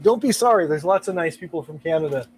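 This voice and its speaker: A man from California, hoarse from allergies, chatting casually and laughing often on a live stream. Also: on the high side, lively intonation, quick pace, a little hiss or hum.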